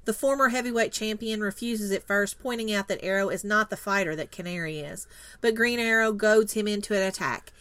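A woman's voice: mid-range voice, brisk, fairly bright tone, no echo. A woman co-hosting a podcast, introducing a guest playfully and reading an episode plot summary. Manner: teasing, playful. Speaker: podcast co-host. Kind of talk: casual chat and scripted episode recap.

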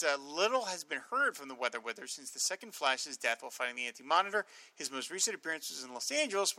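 A man co-hosting a casual comics podcast, speaking haltingly with many fillers and reading entries aloud. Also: fairly high pitch, sharp tone, no room sound, poor audio. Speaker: podcast co-host.

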